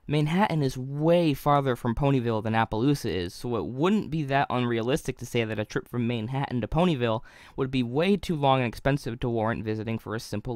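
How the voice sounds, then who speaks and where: A man's voice: mid-range voice, no echo, clean studio sound. A young man narrating a scripted video review in an analytical way, with wry asides.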